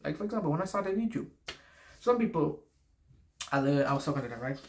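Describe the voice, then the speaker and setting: A man's voice: a little high, expressive, brisk, creaky, pauses often. Male YouTuber, noticeable accent, casual rambling advice monologue with frequent restarts and swearing. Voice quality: noticeable non-native accent. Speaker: YouTuber giving life advice.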